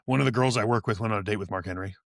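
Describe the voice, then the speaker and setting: A man's voice: fairly low pitch, gravelly, no room sound, clean studio sound. A man hosting a podcast, reading out listener questions in casual chat. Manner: quick, reads out listener questions. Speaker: podcast host.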